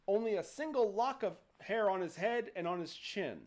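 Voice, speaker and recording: Animated high-voiced male storyteller. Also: normal speed. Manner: animated, playful, acts out characters. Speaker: host. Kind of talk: casual storytelling on a livestream.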